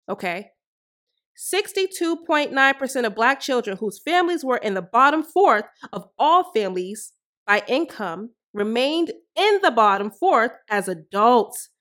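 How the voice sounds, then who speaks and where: A woman's voice: on the high side, fairly bright tone. A woman hosting a solo podcast, delivering fiery, profane commentary full of rhetorical questions. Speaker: podcast host.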